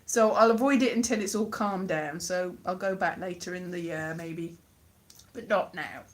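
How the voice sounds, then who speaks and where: A woman's voice: lowish voice, moderate pace. A woman chatting casually on a live stream, rambling and wry, recorded on a phone held at arm's length. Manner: rambling, wry, self-deprecating. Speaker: vlogger.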